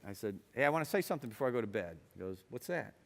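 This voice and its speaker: A middle-aged man from Ohio telling a personal story to an audience, wry, moving between quiet reflection and lively, amused telling. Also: on the low side, racing. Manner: wry, swings from hushed to lively. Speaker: speaker. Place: university hall. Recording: hall with long reverb.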